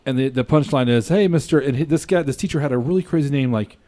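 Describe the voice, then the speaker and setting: A man's voice: mid-range voice, dark tone. A man hosting a podcast, chatting casually and joking around with his guest. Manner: joking, quick to laugh. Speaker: podcast host.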